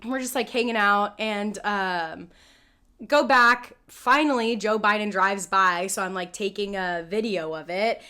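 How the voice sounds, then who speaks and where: A woman's voice: medium pitch, animated, measured pace, pushed and bright, smooth. A woman from California, co-hosting a podcast and telling a story in casual chat with casual swearing. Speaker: podcast co-host.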